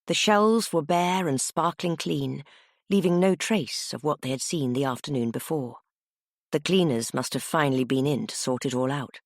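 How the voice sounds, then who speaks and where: A woman narrating a cozy mystery audiobook in an expressive, animated storytelling manner. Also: low-pitched, moderate pace, dry recording, studio quality.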